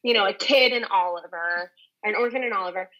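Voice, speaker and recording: A woman's voice: mid-range voice, brisk, lo-fi sound. A young adult woman, a Broadway performer as interview guest, chatting enthusiastically and rambling with many "like"s and restarts. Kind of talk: casual interview chat.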